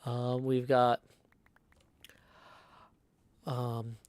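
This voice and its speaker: Male streamer host, live-stream chat, mid-pitched, rambling and playful, musing out loud between viewer messages. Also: completely flat delivery, very slow, no echo. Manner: playful, rambling, thinks aloud; reads viewer messages aloud.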